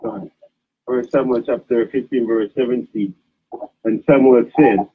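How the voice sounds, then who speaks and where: A man calling in who reads scripture aloud, halting and careful, over a tinny phone line. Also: medium pitch, steady tone, breathy edge. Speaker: caller reading scripture.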